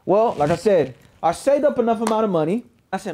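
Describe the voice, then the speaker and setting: A man tells his own story in a loose, conversational way, swearing freely and often asking "you know what I mean?" His speaking voice sits a little high for a man. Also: expressive, fairly quick, hardly any pauses, warm tone, slight background noise. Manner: laid-back, profane, fills with "you know what I mean". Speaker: storyteller recounting his past. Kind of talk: casual spoken storytelling.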